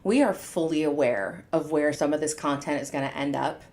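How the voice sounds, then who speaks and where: A woman hosting a commentary video, speaking in a measured, pointed way. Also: low-pitched, darkish tone. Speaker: host. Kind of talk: casual commentary.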